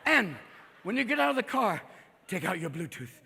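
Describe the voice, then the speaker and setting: A man in his fifties doing a manic, profane stand-up comedy set on a theater stage, jumping between rapid-fire character voices. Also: sits high, big pitch swings, vocal fry, sharp tone, slight background noise. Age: 50s. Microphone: stage microphone. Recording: live theater recording with long reverb and crowd. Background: audience laughter.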